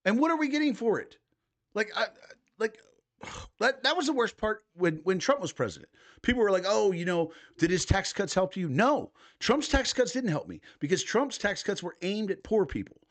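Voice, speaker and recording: A man's voice: sits high, big pitch swings, moderate pace, fairly bright tone. Swearing, ranting livestream man. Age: 30s. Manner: angry, swears constantly, reads posts aloud mockingly. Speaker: political livestream host. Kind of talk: profane ranting commentary.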